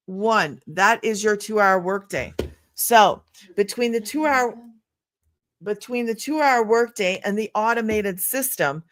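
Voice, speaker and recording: A woman's voice: medium pitch, no room sound. Earnest middle-aged woman, dry close sound. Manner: earnest, rambling, emphatic. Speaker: online business vlogger. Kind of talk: casual testimonial talk to camera.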